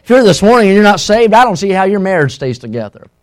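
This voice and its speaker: A middle-aged man preaching a sermon as a pastor, impassioned and swinging between loud and hushed. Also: sits high, big pitch swings, fast talker.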